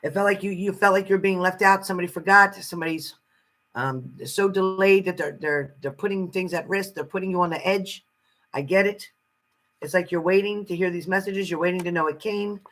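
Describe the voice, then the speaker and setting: A woman's voice: on the low side, a little fast, fairly bright tone, rough recording. A woman giving a casual live-stream tarot card reading, chatty and salty, greeting viewers fondly and swearing freely.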